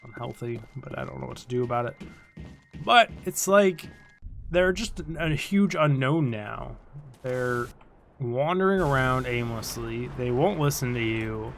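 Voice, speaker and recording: A man's voice: mid-range voice, a little slow, gravelly, fairly bright tone, slight background noise. A tired man giving casual, rambling commentary on a video game he is playing, swearing and joking at what happens on screen. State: tired, yawning. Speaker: let's play host.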